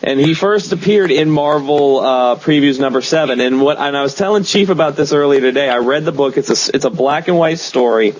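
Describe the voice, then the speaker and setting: A man's voice: a little high, fairly quick, hardly any pauses. A man hosting a casual comic-book podcast, rambling enthusiastically with many fillers. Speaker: podcast host. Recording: dull lo-fi podcast recording.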